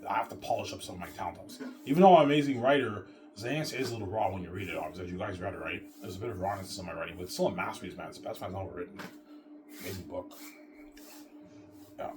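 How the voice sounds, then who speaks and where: A man's voice: low voice, rapid-fire. A man delivering a boastful, rambling monologue with stammering restarts. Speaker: vlogger. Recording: distant mic with clear background music.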